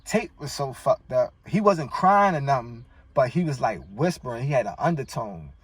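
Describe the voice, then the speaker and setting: A man's voice: mid-range voice, very animated, normal speed, breathy edge, no room sound. Baltimore man telling a grieving story. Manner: emotional, slangy, rambling retelling. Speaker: guest. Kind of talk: personal storytelling in casual chat. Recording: distant mic with faint noise.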